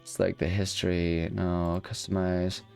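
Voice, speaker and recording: A very low-voiced man talks casually through a video game, rambling and restarting as he thinks aloud. He is self-deprecating about his own choices, and faint guitar music plays underneath. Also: level tone, unhurried, creaky, darkish tone. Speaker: let's-play host. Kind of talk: casual gameplay commentary.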